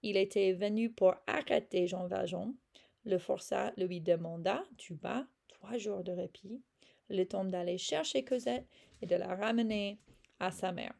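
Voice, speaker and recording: Casual teacher, woman, gravelly and warm, chatty with lots of fillers. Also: mid-range voice, normal speed. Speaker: French teacher. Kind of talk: casual read-aloud lesson, reading and explaining a French novel.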